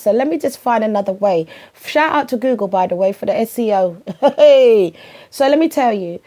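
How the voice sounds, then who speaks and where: A woman with a British accent hosting a podcast, telling a comedic story in an animated, slangy way, full of rapid asides. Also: on the high side. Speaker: podcast host.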